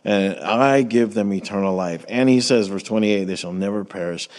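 A man preaching a sermon in a relaxed, conversational way, reading scripture and asking the congregation questions. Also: lowish voice, moderate pace. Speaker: pastor.

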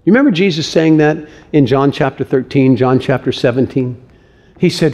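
A man's voice: mid-range voice, normal speed, darkish tone, dull audio. A pastor preaching a sermon to his church, earnest and conversational, with joking asides.

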